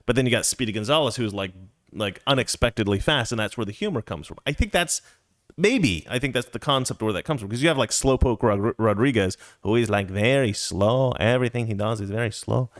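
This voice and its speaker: A middle-aged man spins a casual, rambling story and keeps restarting his sentences. His pitch rises and falls a lot as he talks, and his delivery is chatty and playful. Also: lively intonation, a little fast, a bit bright.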